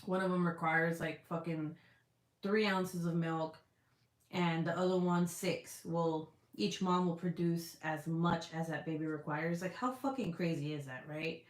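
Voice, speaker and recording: With a deep voice, steady tone and measured pace, a livestream host talks casually with her audience. She's frank and chatty and swears freely, and there's a roomy echo in the recording.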